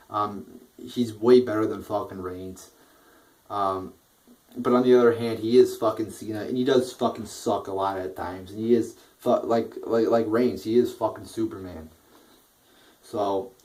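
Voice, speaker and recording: Low, sweary male reviewer with a sarcastic, fed-up rant, picked up a bit far from the mic. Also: a little mellow. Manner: profane, sarcastic, exasperated. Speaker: wrestling show reviewer. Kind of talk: casual ranting review.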